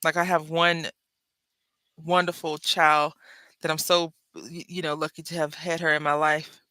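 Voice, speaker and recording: A woman hosting a crafting video, chatting and telling stories while she works, acting out quoted lines with big jumps in pitch and dropping to soft murmurs when she concentrates. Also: level tone, measured pace, no room sound. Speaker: crafting channel host. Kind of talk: casual chat while crafting.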